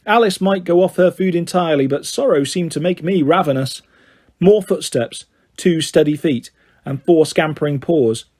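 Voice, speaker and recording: A man reads a children's book aloud in a steady, expressive way. His voice sits a little higher than most men's. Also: moderate pace. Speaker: storyteller.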